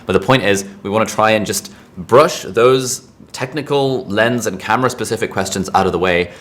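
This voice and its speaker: A man's voice: fairly low pitch, normal speed, fairly bright tone. A man teaching an online lesson in a casual, chatty way, full of asides and fillers. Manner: chatty, rambling asides, frequent "like". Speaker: online course instructor.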